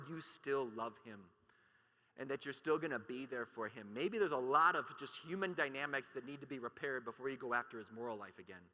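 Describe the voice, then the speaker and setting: A man's voice: medium pitch, sharp tone. A man giving an impassioned keynote talk at a conference, emphatic and full of rhetorical questions. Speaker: conference speaker. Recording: long hall reverb.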